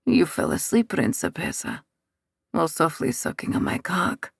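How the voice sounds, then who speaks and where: A woman voicing a commanding Italian mafia boss, an adult man who speaks low and soft with an Italian accent. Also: animated, normal speed, gravelly, dry recording, studio quality, exaggerated voice. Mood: tender.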